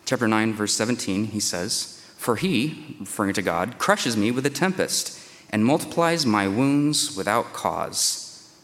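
A man's voice: fairly low pitch, a bit bright. A man preaching through scripture, reading verses and acting out the speaker's pleas in a raised, dramatic voice. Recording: long hall reverb.

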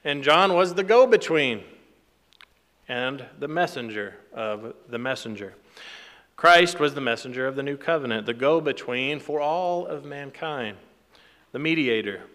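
A man's voice: mid-range voice, animated, unhurried, fairly bright tone, in a large hall. A man teaching a sermon from the Bible, reading scripture aloud with rising emphasis and then explaining it plainly. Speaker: preacher.

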